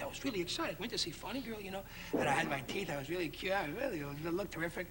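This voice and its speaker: A man on a talk show telling a comic story, animated and often adding "see?", with an audience laughing behind him. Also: high-pitched, quick pace. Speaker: comedian guest. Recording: crowd noise from 1960s TV. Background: studio audience laughing.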